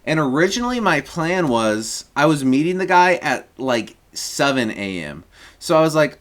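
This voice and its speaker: A man's voice: a little high, sing-song, normal speed. Young man ranting a rambling story. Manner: rambling, profane, chuckles often. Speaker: streamer. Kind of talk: casual storytelling rant.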